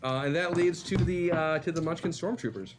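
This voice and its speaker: A man acting as game master in a live tabletop role-playing stream, narrating in a relaxed way with lots of fillers. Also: on the high side, brisk, music in the background. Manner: easygoing, laid-back narration with fillers.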